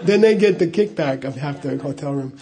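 A man's voice: a little high, fairly quick, a crowd in the background. A middle-aged man telling a personal story in a casual, rambling way, with frequent chuckles and "you know" asides. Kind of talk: casual spoken anecdote.

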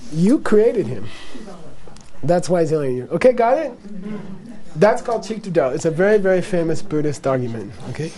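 A man with a high voice gives a teaching talk on Buddhism to a live audience. He keeps it playful, repeats his points and acts out small exchanges. He laughs often as he explains. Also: sing-song, a little fast, warm tone.

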